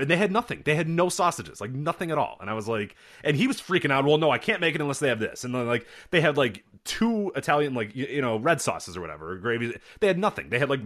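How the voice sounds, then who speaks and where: Lively fast-talking young man telling stories. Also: mid-range voice. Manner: animated storyteller, acts out quotes. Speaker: podcast co-host. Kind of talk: casual chat.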